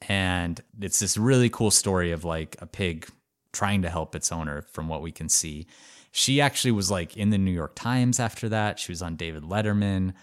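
A man co-hosting a podcast, telling a story in a casual, animated way with lots of "like" fillers. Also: low voice, moderate pace, clean tone. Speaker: podcast co-host.

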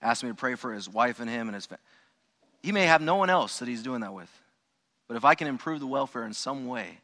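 A man's voice: mid-range voice, expressive, a little fast, sharp tone. A man, a pastor, telling a personal story to his congregation in a loose, conversational way with frequent restarts and asides. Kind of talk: storytelling sermon. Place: church sanctuary. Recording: long hall reverb.

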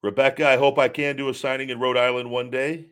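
A man's voice: medium pitch, little pitch movement, quick pace, fairly bright tone, smooth. A man hosting a live show, rambling candidly as he reads out viewer questions and answers them off the cuff. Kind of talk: casual live-stream chat.

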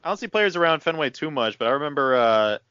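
A man as a podcast guest in casual chat, animated, acting out quotes as he tells stories. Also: fairly high pitch, quick pace, smooth, dry recording, highs cut off. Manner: animated storyteller who acts out quotes. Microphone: remote mic, muting for phone.

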